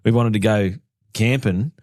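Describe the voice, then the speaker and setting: A man's voice: on the low side, a little slow, a little mellow, dry recording, studio quality. An Australian man co-hosting a podcast, telling stories and teasing his co-host with lots of swearing and laughter. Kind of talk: casual storytelling chat.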